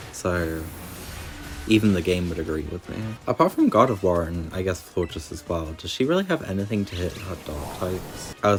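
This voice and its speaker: A young man giving wry, chatty gameplay commentary. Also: deep voice. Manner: wry, chatty, laughs at the game. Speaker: game commentator.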